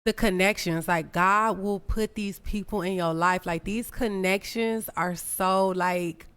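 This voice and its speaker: A young woman hosting a podcast in casual chat, animated and acting out quotes with big jumps in pitch. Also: a little slow, clean tone. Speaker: podcast host.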